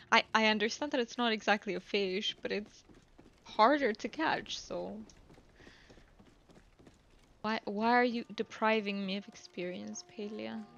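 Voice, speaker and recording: A young woman game streamer chatting casually and relaxed, laughing easily. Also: medium pitch, takes it slowly, creaky, long pauses, highs cut off. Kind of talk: casual live-stream chat. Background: faint game music.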